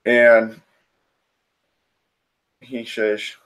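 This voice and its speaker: A man with a lowish voice runs a tabletop role-playing game as game master. He narrates in a halting way, with many fillers and restarts. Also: monotone, fairly bright tone, smooth.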